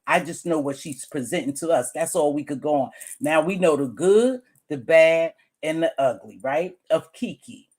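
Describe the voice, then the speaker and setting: A woman giving a casual commentary monologue, chatty and musing, repeating her points and chewing gum as she talks. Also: deep voice. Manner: chewing gum while talking. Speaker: YouTube commentator.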